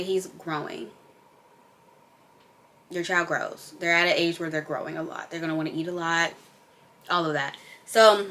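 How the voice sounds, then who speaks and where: Young mom vlogger, a woman with a low but bright, forceful voice; candid, emphatic, unscripted talk. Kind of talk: casual unscripted chat.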